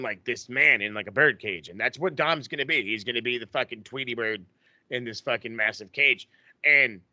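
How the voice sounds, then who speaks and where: Bright, profane wrestling podcast co-host man. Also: medium pitch, no echo. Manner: profane, rambling, excitable. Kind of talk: casual chat.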